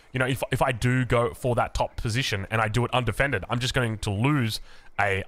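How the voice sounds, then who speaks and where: A man's voice: mid-range voice, pushed and bright. A man with an Australian accent doing chatty esports commentary on a strategy game, with self-mocking asides. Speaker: game caster.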